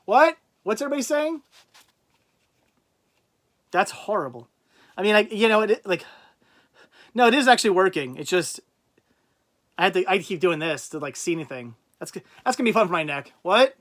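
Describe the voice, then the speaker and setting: A man hosting a casual livestream, rambling and thinking out loud as he reads out and answers viewers' chat comments. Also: high voice, expressive, brisk, long pauses. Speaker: livestream host.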